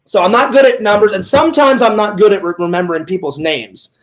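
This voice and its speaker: High-voiced rambling man telling stories. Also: fast talker, poor audio. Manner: rambling storyteller, repeats himself, acts out what people said. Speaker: host. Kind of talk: casual chat.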